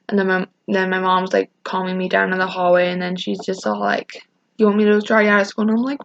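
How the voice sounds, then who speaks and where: Gravelly-voiced teen girl rambling a storytime. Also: medium pitch, steady tone, moderate pace, no room sound, highs cut off. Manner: rambling, restarts often, quotes people in raised voices. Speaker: vlogger. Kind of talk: casual storytime rant.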